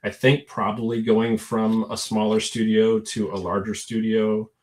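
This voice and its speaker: A man's voice: fairly low pitch, monotone, a little slow, a little mellow. A man talking through a video call as a guest, thoughtful and modest, with many fillers. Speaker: guest toy sculptor. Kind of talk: casual chat.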